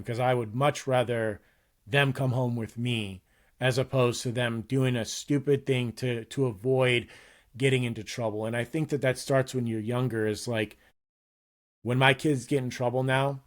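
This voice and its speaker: A man's voice: medium pitch, fairly even intonation, moderate pace. A man in his thirties, a guest on a casual podcast, talking candidly and earnestly about parenting in a loose, rambling way with frequent restarts.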